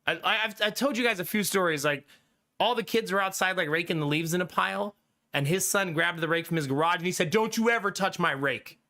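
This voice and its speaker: A man is streaming live and chatting casually with his viewers as he rambles through a story, laughing often and swearing offhandedly. His voice is high, bright and forceful, and he talks fast.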